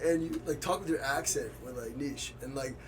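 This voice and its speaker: A man's voice: medium pitch, a little fast, background noise. A young man, a college student hosting a casual chat, curious and rambling with many fillers. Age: young adult. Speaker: college student, podcast host.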